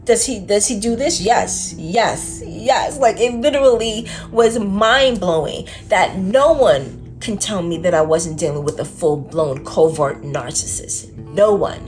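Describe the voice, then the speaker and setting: A woman's voice: medium pitch, unhurried, hardly any pauses, faint music behind. Candid, emphatic woman vlogger. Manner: emphatic, candid, frequent "like" fillers; blunt and exasperated, with slang. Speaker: self-development vlogger. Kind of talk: casual personal storytelling to camera.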